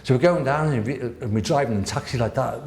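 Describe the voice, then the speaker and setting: A man, a guest telling lively, laughing stories with the odd swear word in a casual interview. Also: mid-range voice, fast. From Wirral, England. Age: 60s. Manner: animated, laughing, swearing raconteur. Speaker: guest artist. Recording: roomy echo.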